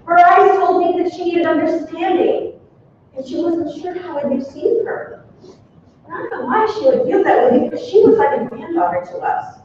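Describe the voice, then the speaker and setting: A woman portraying elderly Elizabeth, gentle and wondering, in an echoey hall. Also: very high-pitched, a little hiss or hum, voice pushed up. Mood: tender. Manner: heartfelt storytelling with soft pauses. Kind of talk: first-person dramatic monologue in a sermon. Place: church hall. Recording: echoey hall, distant mic, dull sound.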